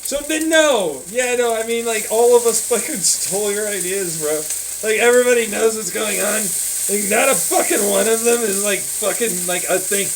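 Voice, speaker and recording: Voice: medium pitch, normal speed, slight background noise, poor audio. An audio blogger rambling profanely in a casual monologue, slipping in and out of put-on voices.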